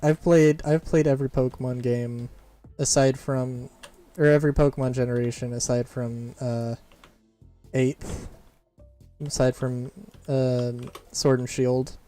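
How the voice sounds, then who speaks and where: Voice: mid-range voice, flat delivery, measured pace, dark tone. A streamer and voice actor chatting casually during a live game stream, rambling, often restarting sentences and laughing. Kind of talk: casual live-stream chat while playing. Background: faint game music and keyboard typing.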